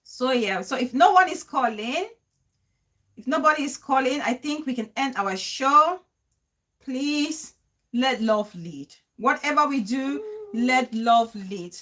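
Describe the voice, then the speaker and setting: A woman hosts a casual live stream and speaks straight to her viewers. Her voice sits high and sounds bright and forceful, and her delivery is emotional and pleading. She calls out viewers by name. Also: animated, takes it slowly. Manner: emotional and pleading, shouting out names.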